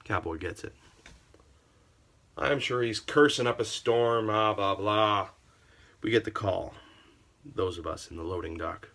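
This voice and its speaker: A man's voice: lowish voice, measured pace, gravelly, long pauses, a bit bright. A man telling a comic story about a customer in a sarcastic, theatrical way. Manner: theatrical, sarcastic, wildly varied delivery.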